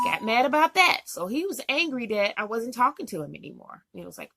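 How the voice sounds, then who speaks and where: Woman vlogger rambling on about her rough time, kinda gravelly voice, dry close sound. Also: medium pitch, very animated, fast, bright, forceful tone, no room sound. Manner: rambling, emotional retelling. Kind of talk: casual storytelling.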